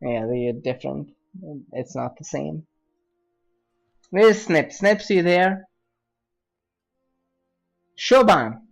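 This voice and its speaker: Slow teasing streamer guy, highish voice, chatting on mic over quiet music. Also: animated, creaky. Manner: teasing, laughs often. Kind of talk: casual gaming chat.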